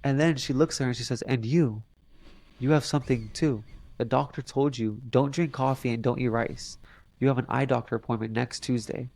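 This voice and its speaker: Gravelly-voiced young man telling a story. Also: mid-range voice, steady tone, darkish tone. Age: young adult. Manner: halting, many fillers and restarts. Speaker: podcast guest. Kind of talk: casual storytelling interview.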